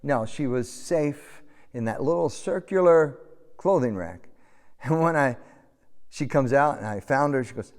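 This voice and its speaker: A man's voice: medium pitch, moderate pace. A middle-aged American man preaching a sermon and telling a story, in a conversational style. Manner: conversational storytelling, animated when shouting. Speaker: pastor. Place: church sanctuary. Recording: long hall reverb.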